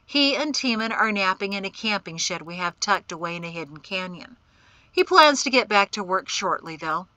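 A woman's voice: mid-range voice, lively intonation, moderate pace, pushed and bright, dry recording, low-quality recording. A woman reading an audiobook, voicing a cheerful male scout who brings news from the army camp. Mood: amused.

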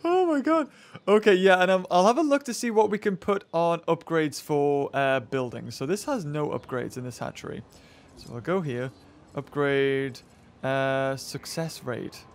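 A young man giving chatty, excitable commentary while playing a game as the host of a gaming channel. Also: on the high side, unhurried, slight background noise. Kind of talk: casual gameplay commentary.

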